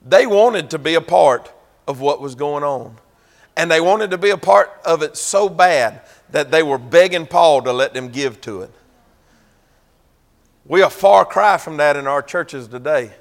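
Pastor, man, drawl, high voice, preaches folksy and teasing, loud bursts then quiet asides; reverberant church hall. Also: expressive, a little slow. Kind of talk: sermon.

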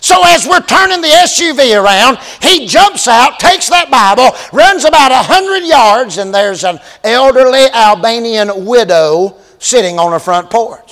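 A man preaching a storytelling sermon, animated and building to shouted exclamations. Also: very high-pitched, measured pace, hardly any pauses. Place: large church sanctuary. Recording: long reverb of a large hall.

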